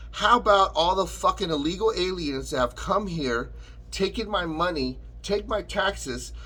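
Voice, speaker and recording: Male ranter, tense and husky, combative, sarcastic, profane, fairly high voice. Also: a bit bright, low-quality recording. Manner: combative, sarcastic, addresses his target directly. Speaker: online commentator. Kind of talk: angry profane rant.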